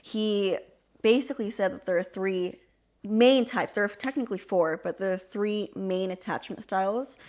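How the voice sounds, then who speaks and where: A young woman co-hosts a casual podcast and walks her guests through an idea at length. She sounds animated and chatty, with plenty of "like" and "um" as she goes. Her voice sits at an ordinary middle pitch for a woman. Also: normal speed. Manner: explains at length, animated, many fillers. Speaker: podcast co-host. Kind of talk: casual chat.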